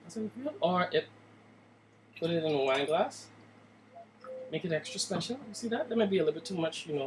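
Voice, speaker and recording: A man's voice: fairly high pitch, expressive, brisk, long pauses, background noise. A man casually talking through a cooking vlog in his home kitchen, joking and playful and speaking straight to the viewer. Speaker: cooking vlogger.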